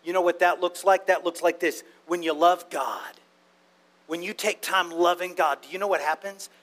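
A man's voice: sits high, steady tone, moderate pace, a bit bright. A man. His delivery is playful and conversational. He keeps checking in with the congregation through questions. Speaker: preacher. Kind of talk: sermon.

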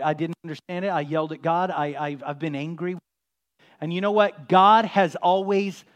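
A man preaching a sermon as pastor, dropping to a hush and rising to emphatic, loud peaks. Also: on the high side. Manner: swings from hushed to loud, emphatic.

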